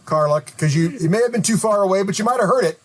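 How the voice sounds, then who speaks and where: High-ish voiced guy running a tabletop game, casual, lots of pauses. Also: expressive. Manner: casual, hesitant with fillers. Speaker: game master.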